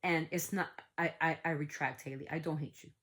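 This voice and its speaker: A woman's voice: sits low, fairly even intonation, fairly quick, a bit bright. A middle-aged woman hosting a casual vlog, speaking earnestly and emphatically to parents, often repeating herself. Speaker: channel host, parent. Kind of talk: casual vlog talk to camera.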